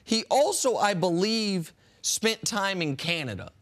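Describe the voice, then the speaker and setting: A man talks sports on a radio show in a casual debate style. His voice sits a little high for a man, and he gets animated before sinking low and quiet to land each point. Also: measured pace. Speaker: sports talk show host.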